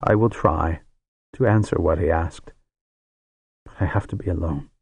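A man voicing a tense young woman with a weak, hoarse, harsh voice who speaks in a pleading whisper. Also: low-pitched, moderate pace, no echo, exaggerated voice. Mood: stiff.

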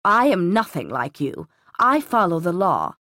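A woman's voice: lowish voice, wildly swooping pitch, measured pace, sharp tone, no room sound, clean studio sound, heavily acted. A woman voicing a stern, rigid middle-aged female official with a tight, strained, insistent manner. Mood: strained insistence.

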